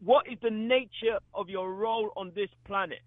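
Guest: high-voiced man, emphatic and preacherly, on a dry, tinny phone line. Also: moderate pace, no echo. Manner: preacherly, emphatic, repeats questions. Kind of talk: call-in discussion.

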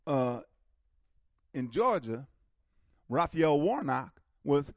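A man's voice: on the high side, sing-song, very slow, no room sound, clean studio sound. A man hosting a call-in radio talk show, speaking emphatically and animatedly, often repeating words as he builds a point.

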